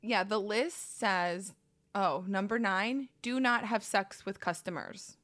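A woman comedian co-hosting a chat show, telling a story in a lively way and acting out what people said. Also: mid-range voice, slow pace. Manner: animated, laughing storyteller acting out quotes. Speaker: comedian and podcast co-host.

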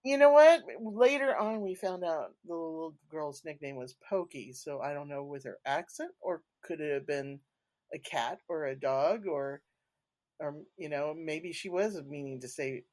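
A woman's voice: low voice, lively intonation, a little slow, a little mellow. A woman being interviewed as a paranormal investigator, recounting her experiences casually and unhurriedly, with fillers and restarts. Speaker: podcast guest, paranormal investigator.

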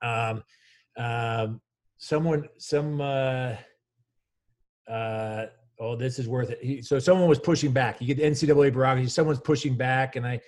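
A man in his fifties, a college basketball coach, telling stories in an energetic, rambling way with many restarts. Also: mid-range voice. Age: 50s. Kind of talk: casual storytelling interview.

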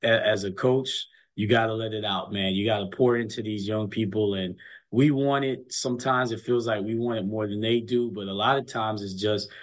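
A man's voice: lowish voice, steady tone, moderate pace. Middle-aged coach guy telling stories, emphatic, keeps repeating words to drive it home. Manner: emphatic storyteller, repeats words as he builds a point. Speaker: college basketball coach. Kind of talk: casual interview chat.

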